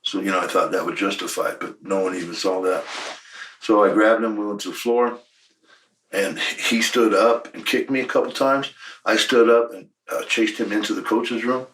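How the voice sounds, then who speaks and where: Older guy in his 60s, low voice, cussing and blunt, mic kinda far with faint noise behind. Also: moderate pace, fairly bright tone. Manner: blunt, profane, emphatic storytelling. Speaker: interview guest, former wrestler. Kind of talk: shoot interview storytelling.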